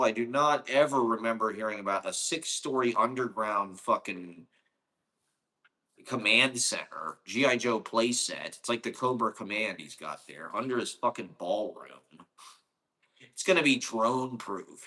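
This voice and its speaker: A man from Ohio rambles through a solo monologue, sarcastic and heavy on the profanity. His voice sits at an ordinary pitch but has a bright, forceful edge. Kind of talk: casual ranting monologue.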